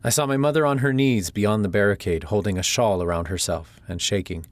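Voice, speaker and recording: A man's voice: on the low side, a little fast, dry recording. A man narrating a first-person audiobook in a tense, urgent storytelling manner.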